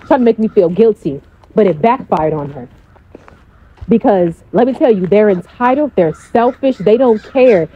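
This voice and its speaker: A woman's voice: medium pitch, moderate pace, slightly rough, phone-quality sound. A woman coach speaking in a casual, blunt storytelling style, swearing freely.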